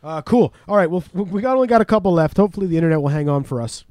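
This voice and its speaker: A man with a high voice runs a casual podcast quiz. He laughs a lot, swears freely and teases his guest. The sound is dry and close. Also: animated, very fast, darkish tone, no room sound. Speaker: podcast host. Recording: remote podcast call.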